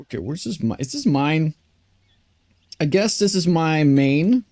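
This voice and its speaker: A Swedish-born man, a native Swedish speaker, chats casually on a gaming live stream in frank English with an American-sounding accent, often stammering and restarting sentences. His voice is a little high and a little mellow, with lively intonation and an unhurried delivery.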